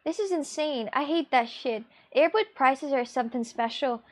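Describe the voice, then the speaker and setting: A woman's voice: high voice, moderate pace, hardly any pauses. A young woman streamer from Russia, chatting casually with viewers in a rambling way, with gasps and restarts. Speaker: live streamer.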